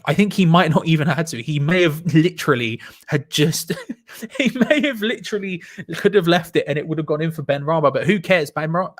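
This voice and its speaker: A young man hosting a live football watch-along, reacting excitedly to the match and chatting with viewers. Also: a little high. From England. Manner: excitable, shouts and laughs at goals, chats to viewers. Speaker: fan channel host.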